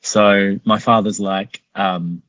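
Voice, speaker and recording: An Australian man with a lowish, bright, forceful voice, recorded dry and close. He tells a story as a podcast guest, casual and animated, swearing freely. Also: slow pace, no room sound, highs cut off.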